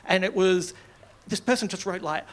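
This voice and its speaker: Performing rambling stand-up in a small comedy club, this middle-aged Australian comic keeps cutting himself off and breaking into laughter at his own lines. He speaks at a normal speed in a voice that sits high.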